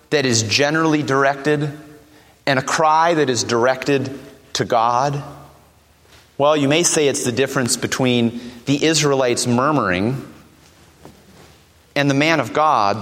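High-voiced preacher in a reverberant hall. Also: male voice, fairly bright tone. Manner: earnest, acts out prayers and voices of doubters. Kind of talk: sermon.

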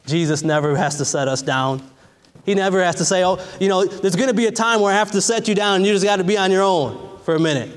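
Fervent man preaching in a reverberant hall. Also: on the high side. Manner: fervent, repeats phrases, casual asides. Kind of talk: sermon. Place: church in a large hall. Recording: long church hall reverb.

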